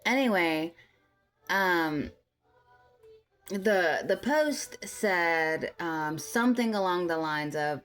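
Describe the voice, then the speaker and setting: Low-voiced chatty young woman vlogger. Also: unhurried, a bit bright. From Tennessee, US. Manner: chatty, rambling, many fillers and restarts. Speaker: vlogger, mother. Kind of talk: casual storytime commentary.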